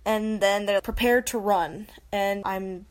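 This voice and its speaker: A woman's voice: medium pitch, steady tone, slow. A young adult woman hosting a casual solo podcast, chatty and self-mocking, often laughing and slipping into quoted voices. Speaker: podcast host.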